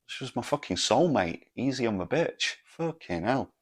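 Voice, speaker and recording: A man's voice: mid-range voice, very animated, normal speed, few pauses, breathy edge. A man, telling a rambling, sweary story on his podcast. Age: 40s. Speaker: podcast host. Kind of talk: casual storytelling monologue.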